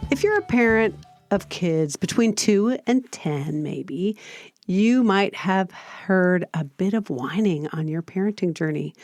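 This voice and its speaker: Calm, lower-voiced woman podcast host. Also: no echo, clean studio sound. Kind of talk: scripted parenting advice.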